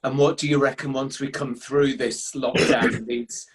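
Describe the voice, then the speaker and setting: A man's voice: medium pitch, steady tone, unhurried, slightly rough. A man interviewing a guest and asking open questions.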